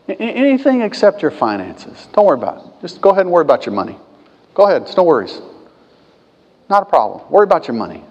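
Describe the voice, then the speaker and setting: A man preaching a sermon as pastor, swinging between quiet conversational asides and loud, emphatic peaks. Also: high-pitched, huge pitch swings, a little fast, long pauses, breathy edge, highs cut off. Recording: long hall reverb.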